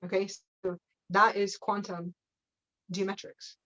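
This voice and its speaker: A woman guiding a live spiritual teaching session, her voice of middling pitch coming through dull, lo-fi call audio. She wanders from thought to thought, checks in again and again with "okay?", and drops playful asides with a laugh. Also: little pitch movement, a little slow, a bit bright. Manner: meandering, checks in with frequent "okay?".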